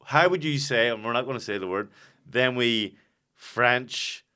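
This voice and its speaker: A man's voice: medium pitch, a little slow, bright, forceful tone, clear, resonant tone. A man from West Belfast with a Belfast accent, a guest telling sweary stories in a casual comedy podcast chat. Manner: storytelling, sweary banter.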